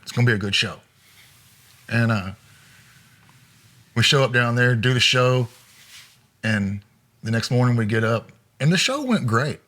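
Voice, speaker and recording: A man, a former road manager, telling road anecdotes in a relaxed interview with frequent chuckles. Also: medium pitch, a little slow, long pauses. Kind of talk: storytelling interview.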